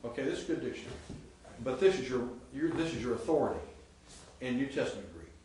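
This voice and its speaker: A man's voice: mid-range voice, lively intonation, fast talker, dark tone. A male Greek professor giving a chatty classroom lecture, quizzing his students and sounding out words. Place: seminary classroom. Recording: echoey classroom, mic far off, faint hiss.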